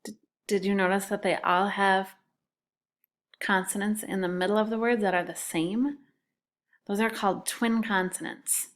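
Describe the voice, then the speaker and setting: Sounding out words one syllable at a time, a woman teaches second graders phonics in a recorded lesson. Her medium-pitched voice stays steady, clear and deliberate.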